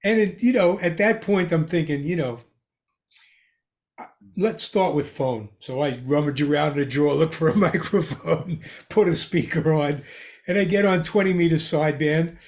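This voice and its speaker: A man's voice: on the high side, moderate pace. Older man telling chuckling stories. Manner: animated, chuckling anecdotes. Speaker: guest ham radio expert. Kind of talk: casual storytelling in a podcast chat.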